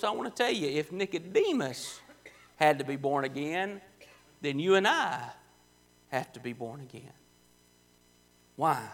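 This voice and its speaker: A man preaching a sermon in church, emphatic and repetitive, slowing down to stress key words. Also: on the high side, animated, a bit bright. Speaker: pastor. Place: church sanctuary.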